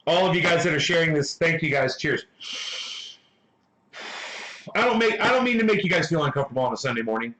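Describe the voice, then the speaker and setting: A man hosting a livestream, ranting at his chat with constant swearing. His voice sits high and swings widely in pitch. The sound is echoey, as if from a bare room. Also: very animated, a little fast, pauses often, a bit bright. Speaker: livestream host reading chat. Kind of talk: casual livestream rant.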